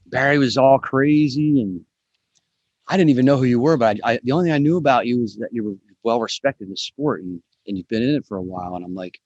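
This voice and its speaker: A man's voice: medium pitch, fast, darkish tone, no echo, lo-fi sound. A man hosting a podcast in a casual, chatty way, swearing now and then. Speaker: podcast host.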